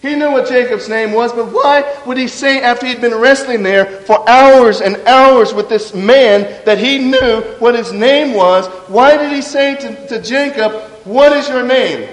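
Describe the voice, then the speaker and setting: High-voiced preacher in a reverberant church. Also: male voice, measured pace, hardly any pauses. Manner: impassioned, drops low and soft for quoted confessions. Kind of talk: sermon.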